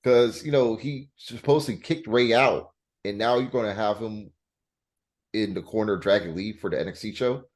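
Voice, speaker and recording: Low-voiced relaxed man. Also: moderate pace. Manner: relaxed, hesitant, fillers and repeats. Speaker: podcast guest. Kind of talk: casual wrestling chat.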